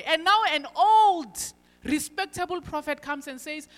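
Emphatic woman, preaching, high voice, echoing church hall. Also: measured pace. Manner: emphatic, swinging between loud stresses and quiet asides. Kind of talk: sermon. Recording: long hall reverb.

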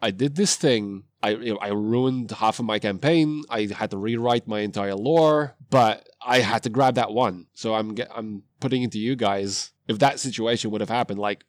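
A man's voice: on the low side, normal speed, hardly any pauses, no room sound. A man telling a story about his tabletop game in casual podcast chat, rambling and often breaking off mid-sentence. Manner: rambling, self-interrupting storyteller. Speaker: game master.

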